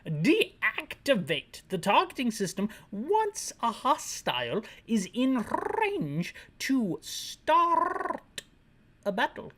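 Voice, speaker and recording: A woman voicing a stiff, by-the-book male HQ radio operator, reading each line slowly and over-enunciated. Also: fairly low pitch, big pitch swings, breathy edge. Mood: stiff, formal. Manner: slow, over-enunciated reading of game text.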